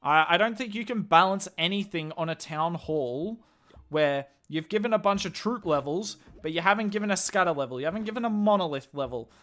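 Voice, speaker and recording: Bright-voiced Australian man streaming casually. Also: high voice, expressive, a little fast. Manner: chatty, answers chat questions, thinks aloud. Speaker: game streamer and commentator. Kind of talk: casual live-stream chat.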